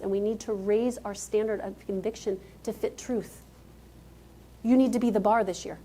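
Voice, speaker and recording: A woman's voice: medium pitch, dark tone. A woman giving a motivational keynote speech on stage, talking emphatically and directly to a live audience. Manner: emphatic, direct, calls out to the crowd.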